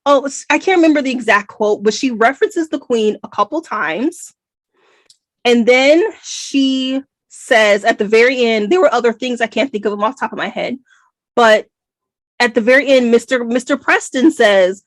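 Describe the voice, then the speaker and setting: An American woman co-hosts a book review podcast, chatting in an animated, digressive way. Her voice sits a little high. It is recorded close and dry, with no room sound. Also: unhurried, no room sound. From United States. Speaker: podcast co-host. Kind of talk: casual book review chat.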